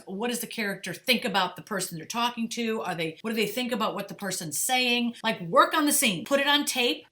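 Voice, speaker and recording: A woman's voice: mid-range voice, sharp tone. A middle-aged woman giving acting advice straight to the camera in an emphatic, conversational way, checking in with "okay?" and "right?". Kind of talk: direct-to-camera advice talk.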